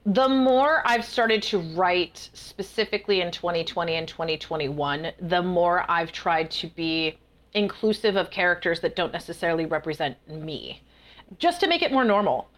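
Woman guest on a podcast, low-ish voice, chatty and animated, casual storytelling. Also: moderate pace. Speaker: guest author and festival performer. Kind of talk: casual interview chat.

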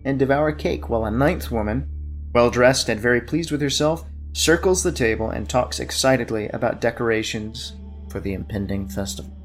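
Brief: male game master, descriptive, hesitant narration, soft music bed. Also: mid-range voice. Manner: descriptive, with many fillers.

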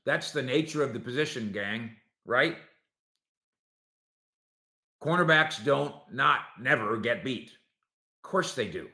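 A sports podcast host works alone in an echoey room, his mid-range voice a little slow and broken by long pauses. Still, he argues animatedly and addresses his listeners head-on.

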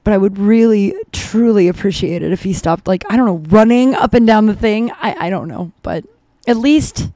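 A woman's voice: medium pitch, moderate pace, dark tone, no echo. A woman in her thirties hosting a podcast, telling a rambling story in casual chat with many asides. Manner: chatty, rambling, lots of "like" and asides. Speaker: podcast host.

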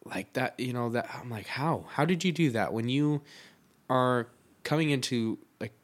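A man's voice: medium pitch, normal speed. A man talking candidly in a casual podcast chat, swearing freely and filling his talk with likes and you-knows.

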